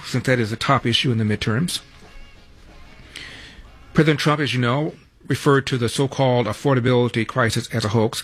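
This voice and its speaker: A man's voice: mid-range voice, fairly bright tone, breathy edge. A man hosting a talk radio show in a studio, rattling through headlines with wry, sarcastic asides. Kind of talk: talk radio news rundown and monologue.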